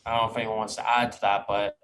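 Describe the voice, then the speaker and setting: A man around thirty, a band member in an interview, who speaks thoughtfully and haltingly as he searches for words. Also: lowish voice, little pitch movement, a bit bright, a little hiss or hum, low-quality recording. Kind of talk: conversational interview.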